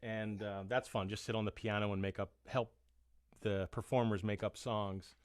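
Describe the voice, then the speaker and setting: A man's voice: lowish voice, steady tone, normal speed, smooth, no echo, clean studio sound. A man in his fifties chatting as a musician guest, rambling and self-deprecating, with many restarts. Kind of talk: casual chat.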